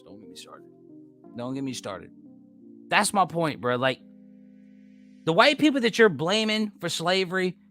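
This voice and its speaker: A man's voice: fairly high pitch, sharp tone. An American man ranting to his viewers in a heated, profane way, repeating himself and arguing back at chat. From United States. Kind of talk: heated casual rant.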